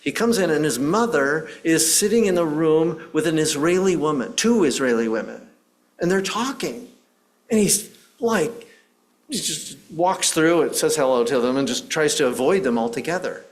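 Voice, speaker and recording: A man preaching as a minister, telling a long story in an earnest, halting way with frequent restarts and pauses. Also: on the high side, expressive. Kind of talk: sermon storytelling.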